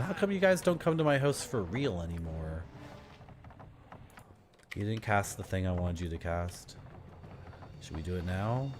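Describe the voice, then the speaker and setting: A man's voice: deep voice, a little hiss or hum. Rambling, chatty man in his thirties. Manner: rambling, chatty, laughs often, talks to himself. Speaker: game streamer. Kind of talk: casual gameplay commentary.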